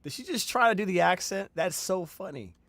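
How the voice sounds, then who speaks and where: A man's voice: high voice, animated, fairly quick, a bit bright, no echo. A man reacting to a video in casual commentary, incredulous and stammering, often laughing.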